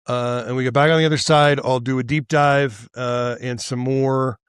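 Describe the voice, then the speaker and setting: A man's voice: medium pitch, steady tone, moderate pace, clear, resonant tone, dry recording, studio quality. A male podcast host delivering a heated, profane political monologue, worked up and angry, stammering and restarting as he goes.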